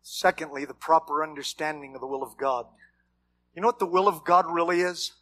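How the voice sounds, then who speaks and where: Casting: male pastor, high bright voice, lively sermon delivery with shouted punches and jokes. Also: fairly quick. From Mexican heritage, raised among white Americans. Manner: animated preaching with shouted peaks and humor.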